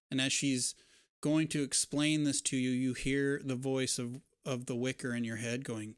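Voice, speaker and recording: Game master guy narrating a scene, smooth resonant voice, dry close sound, laid back. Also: medium pitch, normal speed, dry recording. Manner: relaxed, descriptive, with casual fillers.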